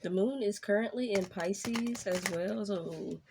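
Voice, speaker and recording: A woman giving a casual tarot reading straight to her viewers, chatty and excitable. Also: medium pitch, unhurried, gravelly, a little hiss or hum. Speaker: tarot reader.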